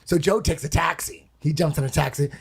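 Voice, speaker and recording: A man with a slightly high, gravelly voice tells a story in a loose, casual podcast chat. He swears freely and bursts into acted-out voices and sound effects. His tone has a husky, rough edge. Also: brisk. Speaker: guest storyteller.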